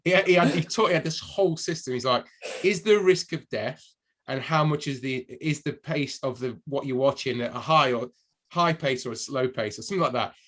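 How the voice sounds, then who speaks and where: A man's voice: medium pitch, fairly quick, fairly bright tone. Guy cohosting a podcast, joking around and rambling, laughs a lot. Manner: jokey, rambling, laughs often. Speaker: podcast co-host. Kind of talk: casual chat.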